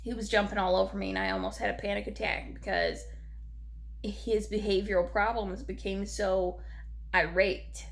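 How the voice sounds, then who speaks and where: A young woman, talking in a personal vlog about her grief, halting and repeating herself, short on sleep. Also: medium pitch, steady tone, gravelly. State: grieving, lacking sleep. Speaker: vlogger.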